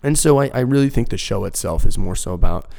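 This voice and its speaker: A man's voice: fairly low pitch, fast, creaky. A young man hosting a casual talk show, ranting profanely and acting out other people's voices as he goes. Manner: profane, animated, mimics voices mid-rant. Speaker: podcast host.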